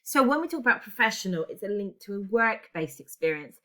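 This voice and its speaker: A woman's voice: mid-range voice, very animated, a little fast, fairly bright tone. A woman in her forties teaching a class, chatty and digressive, often correcting herself as she goes. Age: 40s. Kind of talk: classroom lesson.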